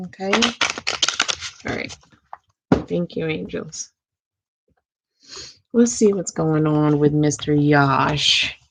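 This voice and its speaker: A woman giving a casual tarot reading, talking slowly to her cards and thanking the angels. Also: low-pitched, creaky, noisy background. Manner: slow, drawn-out, talks to the cards and angels. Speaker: tarot reader.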